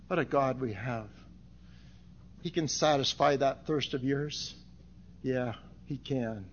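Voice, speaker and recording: A middle-aged man preaching at a gospel meeting, swinging from loud fervent exclamations to quiet low asides and repeating scripture lines. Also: lively intonation, slow, long pauses. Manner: repeats phrases and quotes King James scripture. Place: meeting room. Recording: dull lo-fi recording.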